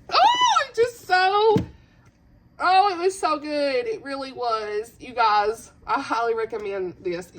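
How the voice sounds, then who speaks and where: A woman's voice: medium pitch, fairly bright tone, slight background noise. Woman book vlogger, casual gushing chat, teary and laughing, mid-range voice. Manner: gushing, emotional, laughs through tears. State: teary, voice breaking. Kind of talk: casual reading vlog chat.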